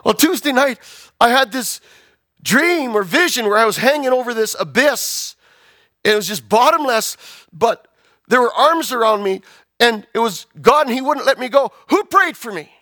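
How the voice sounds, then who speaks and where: A man's voice: very high-pitched, animated, normal speed, pushed and bright, no room sound, clean studio sound, pitched above the performer's own voice, exaggerated voice. A man voicing a repentant teenage girl who pleads in breathless, repeated words. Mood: urgent wonder.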